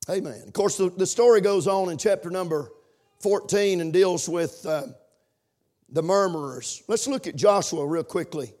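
A man preaching a sermon, reading scripture aloud and repeating key phrases, who slows down on single words and builds to shouted declarations. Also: high-pitched. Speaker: pastor.

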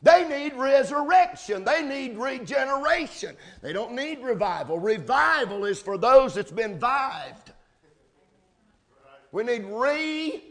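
A man preaching a sermon, building from steady teaching to shouted emphasis, spelling out key words. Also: extremely high pitch, slow. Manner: rising to shouts, spelling out words, answering amen. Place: church service.

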